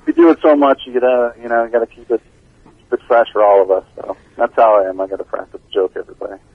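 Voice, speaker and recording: Laid-back man calling in over a lo-fi phone line, slightly husky. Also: mid-range voice, expressive, fast, no echo. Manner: laid-back storyteller, laughs often. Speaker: band bassist, interview guest. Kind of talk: casual phone interview. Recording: dull lo-fi phone call.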